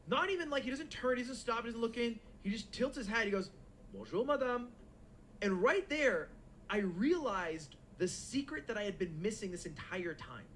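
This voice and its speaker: A young man telling a long, animated story in casual, profane chat as a stream co-host. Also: high voice, a little hiss or hum. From United States.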